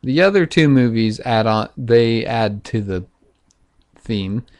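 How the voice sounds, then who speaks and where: A man talking in a loose, profane, halting monologue full of fillers, vlogging to camera. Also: mid-range voice, expressive, a little mellow. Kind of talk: casual rambling monologue.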